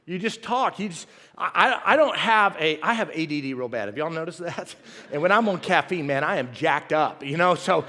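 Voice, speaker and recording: A man's voice: a little high, animated, normal speed, bright, forceful tone. A middle-aged man, preaching a sermon in a folksy, self-deprecating way and joking with the congregation. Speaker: pastor. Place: large church sanctuary. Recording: long hall reverb.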